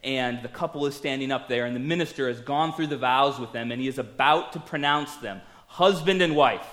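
A man preaching a sermon in a conversational way, telling the story with lively acted-out quotes. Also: medium pitch, brisk.

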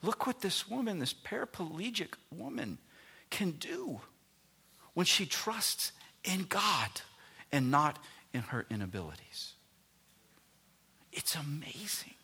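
Husky preacher, loud to whispered. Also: male voice, fairly high pitch, sing-song, slow pace. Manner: swings from loud emphatic lines to soft near-whispers. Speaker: pastor. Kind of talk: sermon.

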